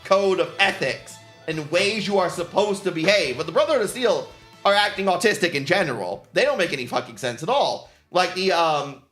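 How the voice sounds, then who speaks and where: A man's voice: sits high, expressive, moderate pace, fairly bright tone, echoey room, faint music behind. A man streaming casually, rambling and swearing with frequent laughter. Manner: rambling, profane, laughs often. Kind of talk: casual chat while painting.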